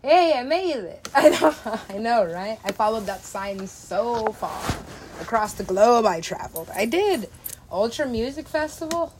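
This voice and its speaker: Woman DJ, slow and meandering, casual swearing, laughs a lot. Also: a little high, big pitch swings, a little mellow, a little hiss or hum. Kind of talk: rambling casual monologue.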